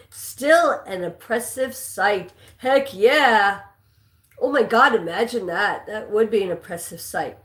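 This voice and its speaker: Slow-talking chatty woman trivia host. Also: a little high. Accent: non-native English. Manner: chatty, reads out viewer names and answers. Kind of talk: casual live-stream chat reading trivia questions. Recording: echoey room.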